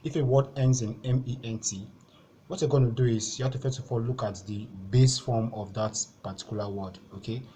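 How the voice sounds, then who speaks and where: A man's voice: medium pitch, fairly even intonation, fairly quick, mellow, a little hiss or hum. A Nigerian man teaching an exam-prep lesson at a board, patiently repeating each point and filling gaps with "okay".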